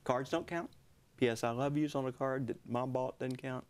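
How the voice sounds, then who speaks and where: A man in his sixties, a guest author telling a personal story in a television interview, earnest and at times dropping to hushed tones. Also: mid-range voice, normal speed.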